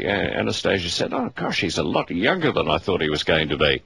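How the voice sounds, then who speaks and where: A genial Australian man hosts talkback radio from a studio mic. His voice sits very low yet rings bright and forceful. He rambles warmly through his sentences, stalling on hesitations before finding his words. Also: sing-song, a little fast, creaky, hardly any pauses. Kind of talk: casual chat with callers.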